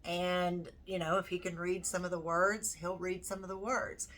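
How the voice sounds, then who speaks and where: A woman's voice: lowish voice, little pitch movement, fairly bright tone. A homeschooling mother talking casually through her curriculum, thinking aloud with plenty of ums and you-knows. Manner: unhurried, thinking aloud with many fillers. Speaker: homeschooling parent.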